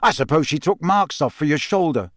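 A man's voice: a little high, lively intonation, a little fast, dry recording, studio quality, natural voice. Man reading as a gushing teenage boy wizard. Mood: eager. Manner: eager, gushing, rambling. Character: excitable teenage boy wizard, chatty best friend. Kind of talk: audiobook character reading.

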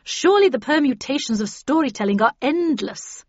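A woman's voice: fairly high pitch, lively intonation, a little slow, dry recording. An imperious older lady in an audiobook speaks in a firm tone no one argues with, as a woman narrator puts her on. The recording is dry and slightly muffled. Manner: not-to-be-argued-with.

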